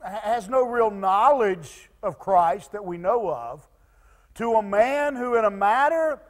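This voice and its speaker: High-voiced preacher in a reverberant church. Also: male voice, expressive. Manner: halting, repeats words and many fillers; drops to soft pleading tones when quoting. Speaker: pastor. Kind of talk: sermon. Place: church sanctuary.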